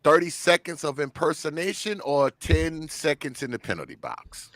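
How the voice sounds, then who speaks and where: Man, game show host, casual online panel, jokey, repeats himself, bright voice, lively pitch. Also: moderate pace, no echo. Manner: laughing, joking, repeats himself.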